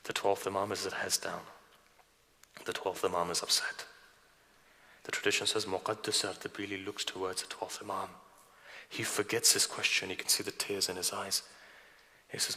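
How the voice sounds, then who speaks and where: A man's voice: low-pitched, flat delivery, moderate pace, pauses often, pushed and bright. A man giving a sermon, retelling religious traditions with quoted dialogue and asking his listeners direct questions. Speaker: preacher. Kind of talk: sermon storytelling. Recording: long hall reverb.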